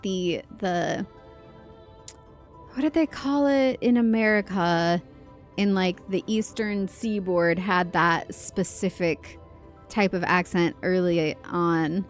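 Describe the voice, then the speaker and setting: A woman's voice: mid-range voice, slow pace, faint music behind. A woman livestreaming a game, chatting in a rambling, chatty way with lots of fillers. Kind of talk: casual livestream chat while gaming.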